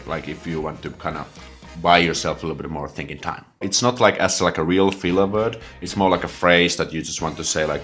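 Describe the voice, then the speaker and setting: A man's voice: sits low, animated, fast, a bit bright, soft background music. A man in his twenties with a Finnish accent, casually explaining words to camera with lots of fillers and restarts. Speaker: language teacher.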